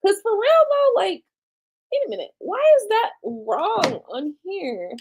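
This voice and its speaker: A woman chats with her viewers late at night in a high voice. She sounds tired, and her speech is slangy and casual. Her pitch swings widely, from low murmurs up to sudden excited squeals. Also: unhurried, noisy background. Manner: chatty and slangy, talks to viewers as y'all. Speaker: livestream host. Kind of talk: casual livestream chat.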